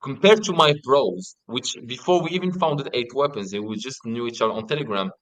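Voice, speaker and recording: A young man in a casual interview, telling stories in an animated way and swearing often. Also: mid-range voice, a little fast, no echo, low-quality recording. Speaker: guest.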